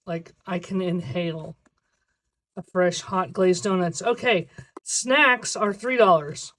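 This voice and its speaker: A budgeting video creator in a casual vlog, talking to themself while counting cash aloud, sometimes slipping into a drawn-out sing-song cadence. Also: medium pitch, a bit bright. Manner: chatty self-talk, counting money aloud.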